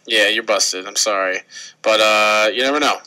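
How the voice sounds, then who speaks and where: A man's voice: lowish voice, moderate pace, bright, forceful tone, poor audio. A young man co-hosting a casual radio show, joking around and rambling through his points with lots of restarts.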